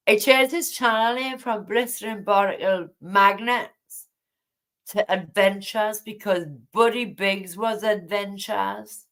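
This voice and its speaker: A woman speaks in a slow, drawn-out way while hosting a casual livestream from home late at night. She rambles and sounds indignant, breaking off to greet viewers in her chat. Her pitch sits in an ordinary middle range. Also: fairly even intonation, a bit bright. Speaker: livestream host.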